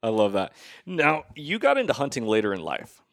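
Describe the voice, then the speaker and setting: A man's voice: mid-range voice, huge pitch swings, normal speed, a bit bright, no room sound, studio quality. A man hosting an interview, asking eager conversational questions. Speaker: interview host.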